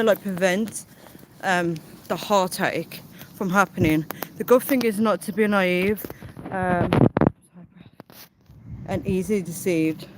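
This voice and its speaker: A woman chats on a live stream while she walks, her speech short of breath and often broken by pauses to catch air. She talks casually to her viewers and reads out their comments, over a faint hiss of background noise. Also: medium pitch, poor audio. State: out of breath from walking.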